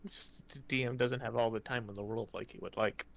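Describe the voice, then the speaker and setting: A man's voice: mid-range voice, fairly even intonation, a little fast, gravelly. A man acting as dungeon master, chatting casually with his players and teasing them. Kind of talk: casual tabletop game chat.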